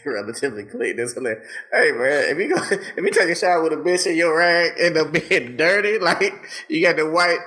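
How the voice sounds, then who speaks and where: A man talking in a relaxed podcast chat, his voice bright and forward and pitched a bit high. He swears freely, uses plenty of slang and keeps breaking into laughter as he spins his stories. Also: moderate pace. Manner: laughing often, slangy and profane, animated storytelling. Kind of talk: casual chat.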